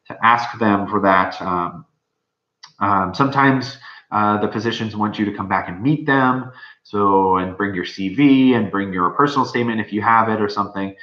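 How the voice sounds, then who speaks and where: A young man, a medical student, giving rambling, informal advice with many fillers. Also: pushed and bright. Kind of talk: casual advice talk. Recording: dull, roomy low-fi recording.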